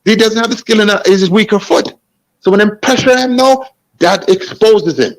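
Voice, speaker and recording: A man's voice: high voice, normal speed, rough recording. A man from Jamaica with a Jamaican accent, a football coach explaining tactics in casual chat, often asking if you understand. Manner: animated, restarts sentences, asks "you understand?".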